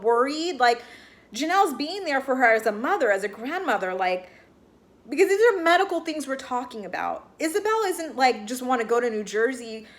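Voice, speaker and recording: A woman's voice: high voice, sing-song, normal speed. A woman giving a casual recap of a reality TV episode, chatty and full of "like", with exasperated asides. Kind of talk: casual reaction commentary.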